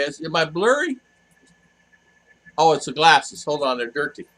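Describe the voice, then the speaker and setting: Broadcasting from his home in a cool hill town, an older man hosts a casual livestream, chatting, laughing easily and greeting viewers by name. His voice is on the high side, and the recording quality is low.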